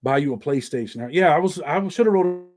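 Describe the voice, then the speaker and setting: A man's voice: fairly high pitch, lively intonation, fairly quick. A middle-aged man hosting his own channel, talking to viewers in a blunt, streetwise and profane way. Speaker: YouTube channel host. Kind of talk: casual monologue to viewers.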